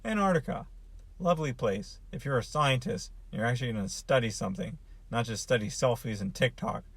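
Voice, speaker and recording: A man's voice: medium pitch, lively intonation, brisk, fairly bright tone, breathy edge, no echo. A man hosts a comedy monologue and rambles from one thought to the next with sarcastic asides. He speaks straight to the listener. His voice is recorded dry and close, with no room sound. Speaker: host.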